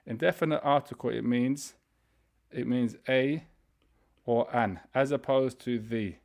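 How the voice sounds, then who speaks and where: A man teaching an online beginner's language class, explaining grammar step by step and reading vocabulary slowly for students to repeat. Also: medium pitch, gravelly, a little mellow. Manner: explains step by step, reads words slowly for repetition; frequent fillers and restarts, conversational. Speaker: Arabic teacher.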